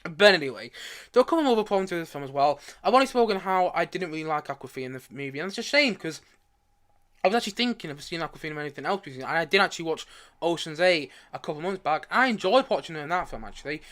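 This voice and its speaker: Fast-talking chatty male film streamer. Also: on the high side, expressive, fairly bright tone. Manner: rambling and chatty, with frequent restarts and asides while searching for images. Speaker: movie review livestream host. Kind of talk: casual live-stream film chat.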